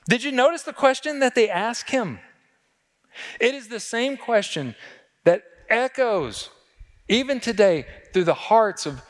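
A man's voice: sits high, in a large hall. A man preaching a sermon as a pastor, talking conversationally and asking the congregation rhetorical questions.

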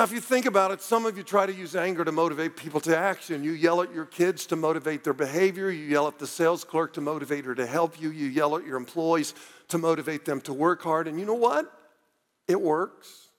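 A man's voice: on the high side, long reverb tail. A man preaching a sermon as a pastor, talking earnestly and directly to his listeners, pleading with them.

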